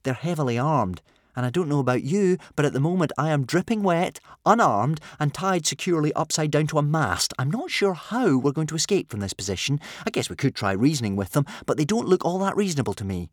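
A man's voice: on the high side, lively intonation, a little fast, no echo, voice pushed up. A man voicing a clever young Viking boy who talks in a dry, reasoning way. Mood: wry.

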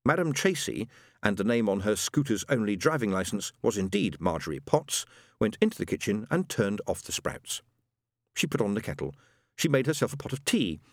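A man's voice: lowish voice, sing-song, normal speed, dry recording, studio quality. Man narrating with wry dryness. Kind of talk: audiobook narration.

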